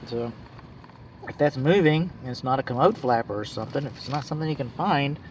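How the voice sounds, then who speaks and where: A home inspector with a Texan accent walks around a house outdoors, narrating casually and explaining things plainly in a folksy way. His voice is medium-pitched and a little fast. The recording is lo-fi, with a bit of hiss or hum.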